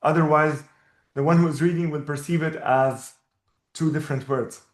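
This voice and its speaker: A man's voice: on the high side, fairly even intonation. Patient male teacher, echoey room. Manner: patient, explanatory, repeats words slowly. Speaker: Arabic teacher. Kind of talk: one-on-one language lesson.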